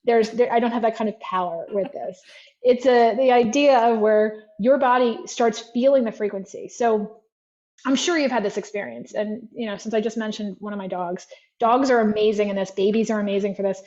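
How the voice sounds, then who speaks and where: A woman's voice: fairly high pitch, fairly even intonation, moderate pace, a little mellow, highs cut off. Chatty woman telling a client story. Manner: chatty, frequent "like" fillers. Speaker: guest therapy practitioner. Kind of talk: conversational storytelling.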